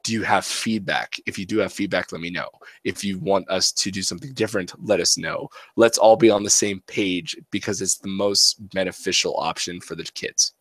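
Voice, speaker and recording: A man's voice: low-pitched, fairly quick, few pauses. A man in his thirties chats on a podcast about family life, jumping into quoted dialogue as he tells his stories. The recording is close and dry, with no room echo. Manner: animated storyteller who acts out family dialogue. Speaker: podcast co-host. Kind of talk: casual chat.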